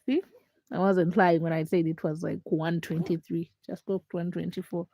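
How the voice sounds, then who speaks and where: A young woman who is sick with a hoarse, froggy voice and a stuffed nose, chatting casually and teasingly with viewers on a late-night livestream from home. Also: level tone, moderate pace, warm tone, no echo. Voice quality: deep, froggy voice. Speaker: livestream host.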